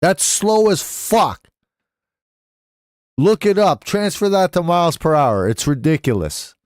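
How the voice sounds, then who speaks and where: A young man streams live, telling a casual story and cursing freely as he goes. His fairly high voice leaps around in pitch, and he lets each phrase out slowly. The sound is dry and close, with no room around it. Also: no room sound. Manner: swears freely, animated, slips into voices for quotes.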